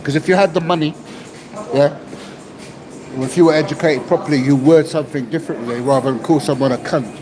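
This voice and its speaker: A podcast host in his fifties from East Central London, with a Cockney accent, rants through a casual monologue, often ending a point with "yeah?" His voice is on the high side and brisk. The noisy recording carries crowd sounds and vehicles in the background.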